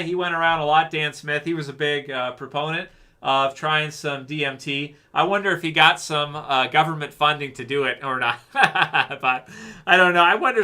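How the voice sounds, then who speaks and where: A man's voice: a little high, pushed and bright. A man hosting a casual livestream, chatting loosely with viewers and reading their comments, with plenty of fillers. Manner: laid-back, rambling, many fillers, calls listeners "man". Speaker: livestream host.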